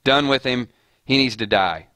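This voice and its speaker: A man's voice: mid-range voice, normal speed, sharp tone, dry recording. A man hosting a casual live stream about a TV series, talking in a rambling way with frequent restarts and filler words.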